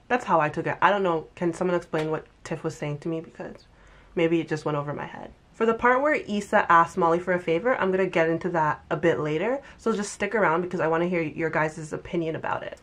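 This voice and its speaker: A young woman talking casually into the camera, her voice sitting a little low. She recaps a show in a chatty, lively way and slips into exaggerated voices for quoted lines. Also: fast talker. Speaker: TV recap vlogger. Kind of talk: casual commentary.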